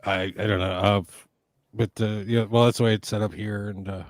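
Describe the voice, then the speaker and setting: American guy, foul-mouthed and teasing, deeper voice, dry sound. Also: steady tone, a little fast, no echo. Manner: profane, teasing. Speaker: podcast guest. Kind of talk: casual chat.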